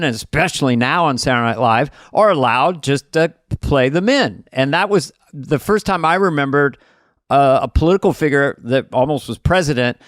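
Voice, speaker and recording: A man's voice: a little high, dry recording, studio quality. A man hosting a casual chat, asking questions in a playful, joking manner. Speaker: host.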